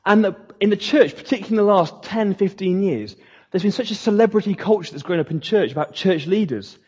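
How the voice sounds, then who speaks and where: A man's voice: high voice, lively intonation, a little fast, a little mellow, husky. A man, a pastor giving a conversational sermon, mocking quoted voices now and then. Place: church hall. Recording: echoey hall, dull lo-fi sound.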